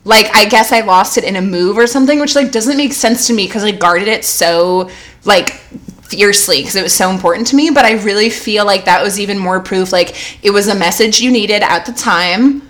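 A woman's voice: medium pitch, fairly quick, a bit bright. A young woman co-hosting a podcast, rambling through personal stories in casual chat with lots of "like" and frequent laughs. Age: young adult. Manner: rambling, heavy use of "like", laughs often. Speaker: podcast co-host.

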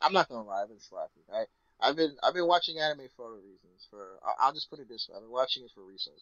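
A man in casual chat, animated and laughing often, breaking into high squealing imitations. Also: quick pace, lo-fi sound.

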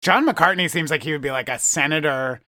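A man co-hosting a comedy podcast, rambling through improvised bits and letting his words trail off into low murmurs. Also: fairly quick, bright, forceful tone, no echo, clean studio sound.

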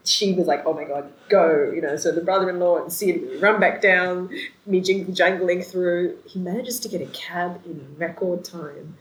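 A woman telling a story in casual chat, animated, laughing often and acting out the voices of the people she quotes. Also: on the low side, normal speed. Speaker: storyteller in a conversation. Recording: roomy echoey recording.

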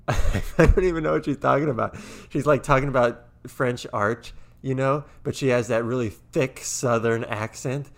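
Man, film podcast co-host, eager, meandering delivery, mid-pitch, casual. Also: moderate pace, vocal fry. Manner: enthusiastic, rambling, trails off softly.

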